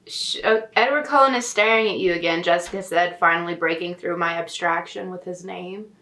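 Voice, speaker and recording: A woman's voice: on the low side, a little fast, pushed and bright. A woman writer reading a novel aloud and breaking in with sarcastic, snarky commentary in casual talk. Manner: sarcastic, snarky asides between read passages. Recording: echoey room with faint noise.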